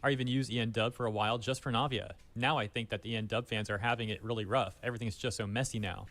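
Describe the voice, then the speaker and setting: A man's voice reading out online comments in an even, flat delivery. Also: mid-range voice, fast, close to an everyday voice.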